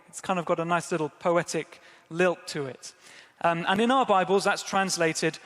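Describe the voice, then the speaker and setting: A man's voice: sits high, normal speed, fairly bright tone. Chatty male preacher in a reverberant hall. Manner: conversational, self-deprecating, engages the congregation. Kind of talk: sermon. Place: church service.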